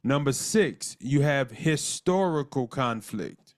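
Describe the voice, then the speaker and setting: A man leads a marriage class over a live call, his voice at an ordinary middle pitch. He speaks earnestly, circles back over his own words, and slows down to dictate points and spell them out letter by letter. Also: expressive. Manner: earnest, repeats words, dictates lists slowly and spells terms out. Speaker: marriage church teacher. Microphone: call audio.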